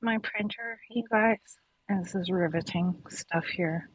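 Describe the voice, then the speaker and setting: A woman's voice: mid-range voice, a little slow, slightly rough, muffled recording. A woman chatting casually in an online group voice call, telling wry and playful stories.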